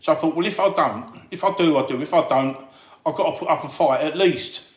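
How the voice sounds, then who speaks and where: A man's voice: on the high side, brisk. Man acting out a story in an echoey room. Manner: animated storyteller acting out other people's voices. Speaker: doorman telling stories. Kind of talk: casual anecdote telling.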